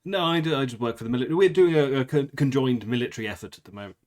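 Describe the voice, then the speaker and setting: A man's voice: medium pitch, rapid-fire, darkish tone, lightly acted. A man doing a stammering British soldier. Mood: flustered. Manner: stammering, flustered. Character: ragged panicky British male soldier.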